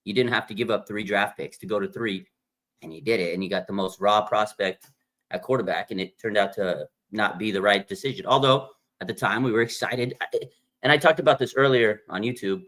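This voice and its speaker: Animated young male sports streamer. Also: fairly low pitch, brisk. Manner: animated, slangy, reads viewer comments aloud. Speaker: sports show host. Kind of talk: casual livestream chat.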